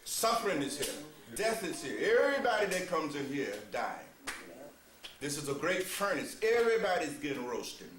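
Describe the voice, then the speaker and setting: A man giving a sermon as a spiritual teacher, calling listeners "beloved," moving between low, measured passages and loud, amused exclamations, with mocking asides and laughter. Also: sing-song, a little hiss or hum. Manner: addresses listeners as "beloved", asks "you see?". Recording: roomy, distant mic with faint ambience.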